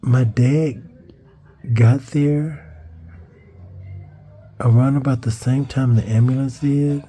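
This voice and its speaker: Speaking slowly with a steady tone and long pauses, a man rambles through a childhood story for his vlog. His voice is dark, deeply mellow, and mid-pitched. He stumbles, restarts, curses, and lifts his pitch for quoted voices.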